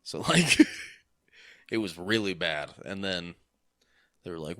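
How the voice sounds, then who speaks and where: A man's voice: sits low, lively intonation, slow pace, pauses often, bright, forceful tone, dry recording, clean studio sound. A young man co-hosting a casual podcast, talking loosely with lots of swearing and frequent laughter. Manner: loose, profane, laughs often. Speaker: podcast co-host.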